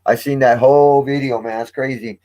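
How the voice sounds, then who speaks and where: A man's voice: medium pitch, fairly even intonation, moderate pace, dark tone, highs cut off. A man hosting a casual vlog, rambling and restarting his sentences and swearing casually as he talks. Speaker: vlog host.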